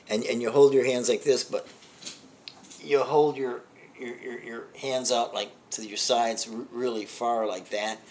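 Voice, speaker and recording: A man's voice: fairly low pitch, slight background noise. An older man and comedy host telling a long personal story in a rambling, self-deprecating way, with many restarts and asides. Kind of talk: storytelling monologue.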